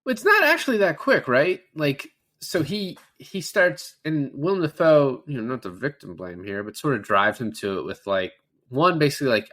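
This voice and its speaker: A mid-pitched man in casual podcast chat, walking through a film scene by scene. He talks loosely and swears often, with an everyday speaking voice. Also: lively intonation, moderate pace, fairly bright tone. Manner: loose, profane retelling of scenes. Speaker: podcast co-host.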